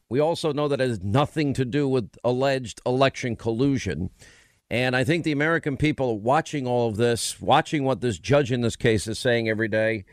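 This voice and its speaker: A man hosting a political talk radio show, talking in an emphatic, rhetorical way with quick restarts. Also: medium pitch, dry recording, studio quality.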